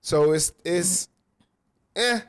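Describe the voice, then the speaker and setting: A man's voice: sits high, drawn-out words, a bit bright, smooth, no room sound. Slangy man, dry close sound. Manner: loose, slangy, storytelling. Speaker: radio DJ guest. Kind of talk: casual chat. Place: rooftop venue.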